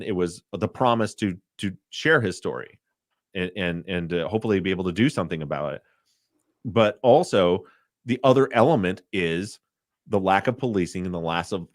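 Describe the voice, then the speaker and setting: A man hosting a casual podcast discussion, talking in a halting way, often repeating words and getting choked up. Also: low voice, no room sound, clean studio sound. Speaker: podcast host.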